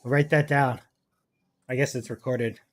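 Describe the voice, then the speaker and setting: A man's voice: mid-range voice, fairly even intonation, measured pace. A young man co-hosting a podcast in casual chat, often laughing through what he says. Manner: giggly, laughs through his lines. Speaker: podcast co-host.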